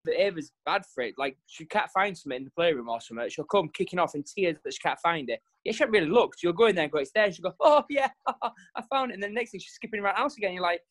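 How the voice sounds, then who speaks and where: Animated dad chatting. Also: male voice, very fast, hardly any pauses. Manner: animated storyteller, jumps pitch for quoted voices. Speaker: podcast co-host. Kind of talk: casual chat.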